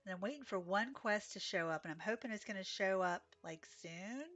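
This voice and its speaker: Sleepy woman streaming a horse game, chatty and excitable, faint music behind. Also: mid-range voice, fairly quick, highs cut off. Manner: chatty, reads chat aloud, gasps and exclaims. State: sleepy, yawning. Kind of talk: casual live-stream chat.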